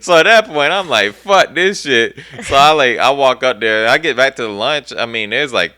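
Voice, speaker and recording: Profane, animated young man telling stories. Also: medium pitch, a little fast, clear, resonant tone. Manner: profane, animated storyteller who acts out dialogue. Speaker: podcast host. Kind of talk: casual storytelling chat.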